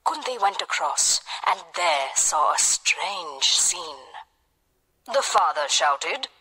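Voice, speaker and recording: A woman narrating a children's storybook tale in a lively storytelling manner. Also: deep voice, slow, slightly rough. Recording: long hall reverb.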